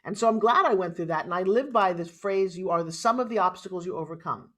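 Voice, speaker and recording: A woman's voice: lowish voice, fast, fairly bright tone. A middle-aged woman with a New York accent, a motivational speaker telling her life story as a podcast guest. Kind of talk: interview storytelling.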